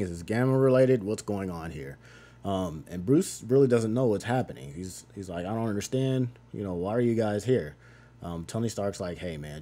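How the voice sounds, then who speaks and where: Man, comic reviewer, rambling casual recap, lowish voice, dark mellow tone. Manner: rambling, loosely paraphrases characters in an offhand tone.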